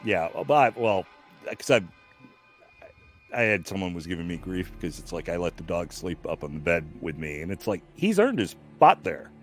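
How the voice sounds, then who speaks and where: Male stream co-host, low voice, anecdotal and amused. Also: sing-song, moderate pace, soft background music. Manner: storytelling, chuckling at his own points. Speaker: livestream co-host. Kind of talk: casual chat.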